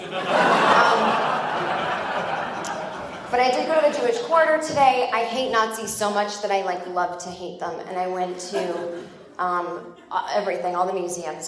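A woman performing a stand-up comedy set, chatty and exasperated, with quick asides. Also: on the low side, a crowd in the background. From United States. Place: comedy show venue. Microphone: phone in the audience. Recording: echoey club taped on a phone.

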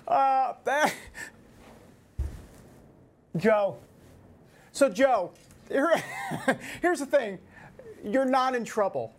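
A man's voice: extremely high pitch, lively intonation, unhurried. A man hosting a talk show alone, joking, getting worked up and laughing at himself. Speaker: show host. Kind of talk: casual talk-show monologue. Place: studio. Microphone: camera-facing studio mic.

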